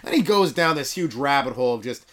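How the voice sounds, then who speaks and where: A young man with a hoarse voice, hosting a casual comedy podcast and riffing jokes with loose fillers and restarts, recorded in a yurt. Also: medium pitch, fast. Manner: jokey, animated, lots of fillers and restarts. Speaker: podcast host and stand-up comedian. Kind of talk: casual rambling comedy monologue. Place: yurt on a rural property.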